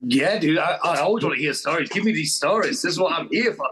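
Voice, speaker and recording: A man's voice: fairly high pitch, animated, fast, a bit bright, a little hiss or hum. A man hosting a podcast, chatting in a laid-back, slangy way. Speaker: podcast host. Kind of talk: casual chat.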